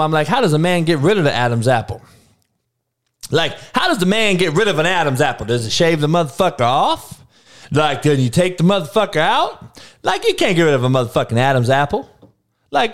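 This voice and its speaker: A man hosting a livestream, talking to his chat in a loose, unscripted rant. His voice sits high and swings widely in pitch. He swears constantly, trails off, and restarts his sentences. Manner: profane, animated, rambling with frequent restarts. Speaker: livestream show host.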